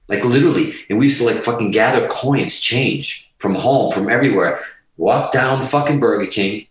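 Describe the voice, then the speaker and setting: A man's voice: mid-range voice, normal speed, far from the mic. Swearing, emphatic man in a roomy space. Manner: profane, emphatic, rambling. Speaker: guest musician. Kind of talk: candid storytelling in a podcast interview.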